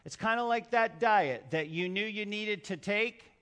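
A male pastor delivering a sermon, with a bright, forceful voice pitched a little high. He tells stories dramatically, dropping to a hush and then rising loud. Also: unhurried, clean tone. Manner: dramatic storytelling, swinging from hushed to loud.

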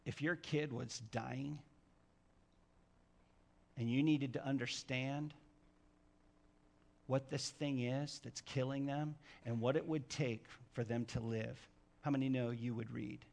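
A man preaching a sermon, telling stories with dramatic swings from hushed to loud. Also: medium pitch, steady tone, slow pace, vocal fry, long pauses. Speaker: pastor.

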